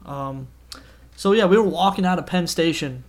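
A man co-hosting a podcast, relaxed and pausing often as he recounts a trip. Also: on the high side. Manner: relaxed, with frequent "um" pauses. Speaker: podcast co-host. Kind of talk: casual storytelling chat.

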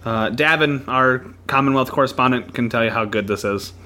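A man co-hosting a podcast, chatting casually and retelling a show with animated storytelling. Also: medium pitch, moderate pace. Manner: animated storytelling with playful impressions. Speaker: podcast co-host.

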